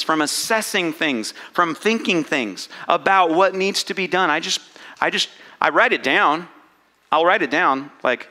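A man preaching a conversational sermon as pastor, animated, with self-mocking asides and playful back-and-forth with his own thoughts. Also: sits high, fairly quick. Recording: long hall reverb.

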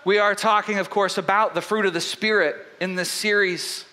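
A man preaching a sermon as pastor, telling a story in an animated way with frequent restarts. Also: sits high, normal speed.

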